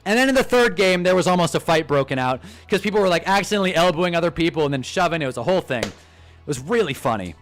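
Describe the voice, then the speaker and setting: A young man hosting a casual live stream, talking in an animated, swearing rant. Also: fairly high pitch, racing, soft background music. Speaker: livestream host. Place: indoors at a green screen.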